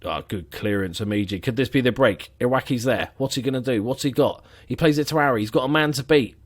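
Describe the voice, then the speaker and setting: Talking fast in a mid-range voice, this man plays a football management game and keeps up a muttered, sarcastic commentary as a gaming commentator.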